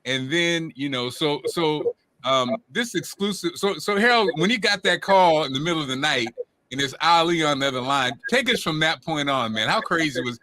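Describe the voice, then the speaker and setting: Bright-voiced hesitant male host. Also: a little high, animated, normal speed, poor audio. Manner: hesitant, lots of restarts and fillers. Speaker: podcast host.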